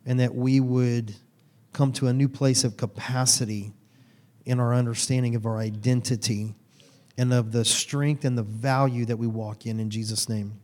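A man's voice: mid-range voice, steady tone, normal speed, a little mellow. A middle-aged man preaching a casual sermon as pastor, chatty and joking, often asking the congregation questions.

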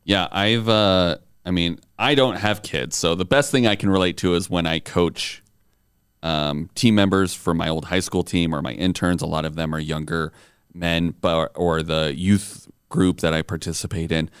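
A man co-hosting a casual conversation, chatty and quick to laugh. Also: low voice, clean tone, no room sound, clean studio sound. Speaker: co-host.

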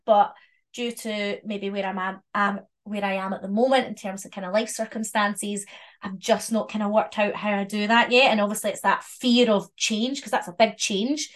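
A woman co-hosting a podcast, talking in a relaxed, reflective way and laughing easily. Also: medium pitch. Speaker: podcast co-host. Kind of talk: casual chat.

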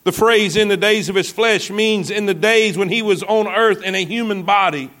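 High-voiced preaching pastor, drawl. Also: male voice, a bit bright. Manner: preaching with call-and-response asides to the congregation. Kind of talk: sermon.

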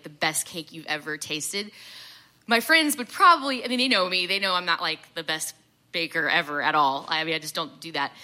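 A woman preaching in a relaxed, chatty way, full of asides and little self-deprecating jokes. Her voice is bright and forceful, sitting a touch low for a woman. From American South. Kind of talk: conversational sermon.

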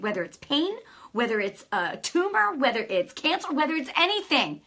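A middle-aged woman giving an emotional testimony, her storytelling swinging from hushed near-whispers to loud, fervent declarations. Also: fairly high pitch, very animated, moderate pace. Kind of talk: testimony sermon.

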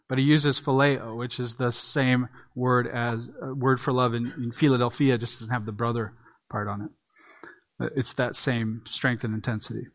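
A man's voice: medium pitch, steady tone, normal speed. A man preaching an earnest expository sermon, leaning on emphatic repeats. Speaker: pastor.

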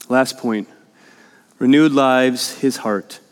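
Male pastor, sermon delivery, conversational and earnest, rises to emphatic pleading; slightly high voice, long reverberant church hall. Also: moderate pace. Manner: earnest, conversational, often adds "right?"; grows emphatic and urgent in pleading passages. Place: church sanctuary.

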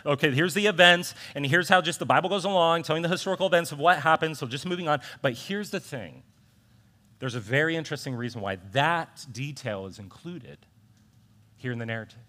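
A man preaching a sermon as a pastor, animated and conversational, repeating phrases for emphasis and making asides to his congregation. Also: medium pitch.

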